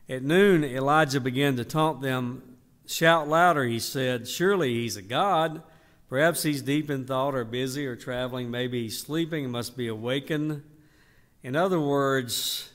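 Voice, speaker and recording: An older man, teaching a Bible study in an unhurried, emphatic way. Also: mid-range voice, fairly bright tone. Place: church hall. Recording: reverberant church hall.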